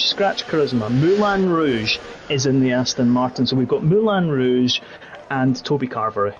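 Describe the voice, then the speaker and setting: A man's voice: mid-range voice, expressive, normal speed, muffled recording. Man, racing league co-host, live-stream banter, playful, nickname jokes. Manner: playful, riffs on drivers' nicknames.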